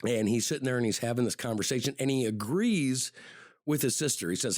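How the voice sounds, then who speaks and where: A man hosts a podcast and tells a true-crime story in a casual, rambling way, doubling back on his words and leaning on "you know". His voice sits at an ordinary middle pitch. It is recorded dry and close, with no room sound. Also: expressive, a little fast, a little mellow, no room sound. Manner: conversational, repeats words and says "you know" often. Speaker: podcast host.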